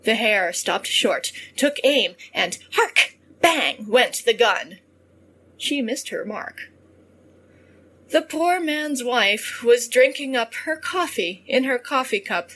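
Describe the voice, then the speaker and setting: A woman reading rhymed children's stories aloud in a slow, expressive storybook manner. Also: fairly high pitch, slightly rough. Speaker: reader of children's verse.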